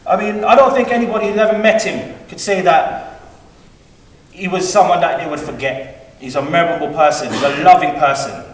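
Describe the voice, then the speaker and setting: A man's voice: a little high, a little fast, recorded from a distance. Man giving a eulogy in an echoey hall. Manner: rambling and heartfelt, livening up when quoting his uncle. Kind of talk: funeral eulogy. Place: large hall at a funeral service. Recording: echoey hall, heard from afar, faint room noise.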